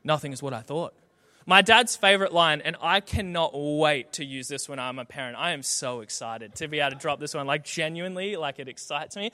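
A young man preaches with animated, self-mocking storytelling. His voice sits high and sounds bright and forceful. Long reverb from a large hall trails his words. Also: brisk, hardly any pauses. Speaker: pastor. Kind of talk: sermon.

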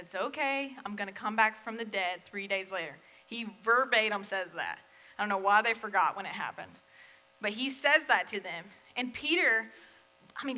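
A young woman delivers a casual sermon in a bright, fairly high voice. She talks in a chatty way, full of fillers and self-deprecating asides. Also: low-quality recording.

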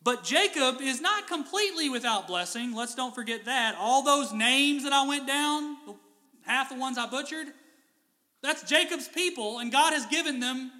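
A man delivers a lively sermon, his voice high and bright. He slips into casual voices to act out biblical figures. The sound carries a long reverb from a church hall. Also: normal speed. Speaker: pastor.

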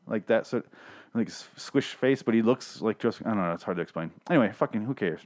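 Speaking quickly in a low-leaning voice, this man recaps a TV show in a casual solo rant. As a show reviewer, he swears and snarks his way through, rambling and starting over often.

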